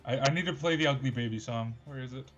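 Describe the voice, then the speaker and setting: A man chatting on a casual gaming stream in a halting way, restarting his sentences. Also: medium pitch, muffled recording. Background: music.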